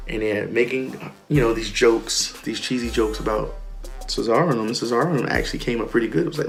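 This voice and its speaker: A man's voice: medium pitch, quick pace, creaky, faint music behind. A man hosting a podcast, casually recapping a wrestling show, full of ums and retold quotes. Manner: chatty, many ums, retells lines in quoted voices. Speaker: podcast host.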